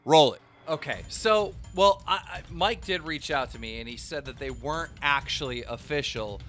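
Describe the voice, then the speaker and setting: A man's voice: a little high, normal speed, fairly bright tone, soft background music. A man hosting a gossip news show, reading out quotes with stretched emphasis and stammering through interview questions.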